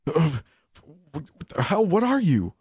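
A man's voice: normal speed, a little mellow, no room sound, clean studio sound. A man voicing a crude, leering male prisoner in an audiobook. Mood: panicked screaming. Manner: crude and leering, turns to shrill screaming. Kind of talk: audiobook character voice.

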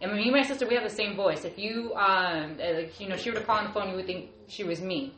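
A woman's voice: medium pitch, fast talker, a bit bright, a little hiss or hum. A woman in her thirties telling a personal story casually, with lots of "like" and trailing restarts. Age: 30s. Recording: echoey room, faint ambience.

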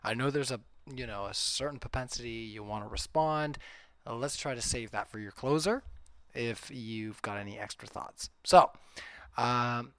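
A man moderating a live online debate, brisk and reading viewer questions aloud. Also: medium pitch, fairly bright tone, no echo.

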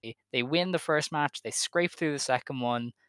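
A man's voice: on the high side, moderate pace, a bit bright, smooth, no room sound. A man co-hosting a wrestling podcast, recapping matches in casual chat, easygoing and hesitant with many fillers. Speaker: podcast co-host.

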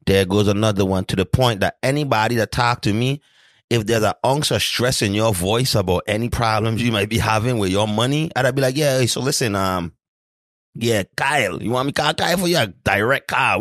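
A man's voice: medium pitch, a bit bright, dry recording, clean studio sound. A man hosting a casual chat, laid-back and swearing freely as he tells stories. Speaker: podcast host.

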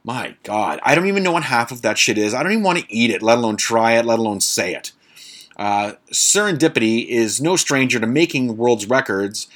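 A man's voice: medium pitch, animated, a little fast, fairly bright tone. Blunt, sarcastic podcast guy who swears. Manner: blunt, sarcastic, swears freely, stumbles over fancy words. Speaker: podcast host. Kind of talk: casual monologue podcast.

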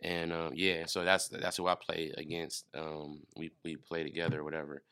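A man from Detroit with a very low, forceful, sharp-edged voice chats as a comedy guest. He talks in a laid-back, halting way, and the sound is dry and close. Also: flat delivery, dry recording. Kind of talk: casual chat.

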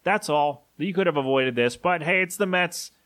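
A man's voice: a little high, moderate pace, fairly bright tone. A man hosting a podcast, rambling casually and opinionatedly about sports with many fillers and asides. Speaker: podcast host.

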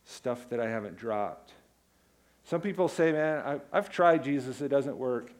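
Middle-aged male pastor, casual storytelling sermon with emphatic peaks, mid-pitched voice. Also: expressive, a little slow, darkish tone. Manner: storytelling, conversational with emphatic declarations.

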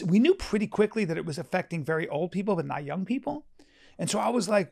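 Emphatic, profane man with a high voice. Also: animated, quick pace, gravelly. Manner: emphatic, profane, frequent restarts, acts out quotes. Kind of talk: casual chat.

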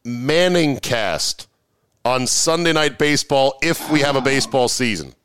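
A man hosting a sports talk podcast, his voice smooth and resonant with a lively, swooping pitch. He reads listener mail aloud and drops sardonic jabs in casual chat. The sound is close and dry, with no room around it. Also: measured pace, no room sound. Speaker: podcast host.

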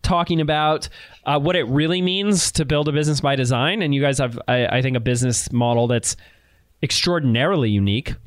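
A man's voice: mid-range voice, a little fast. A man hosting a podcast who talks emphatically and repeats key phrases for effect. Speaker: podcast host. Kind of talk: enthusiastic podcast interview.

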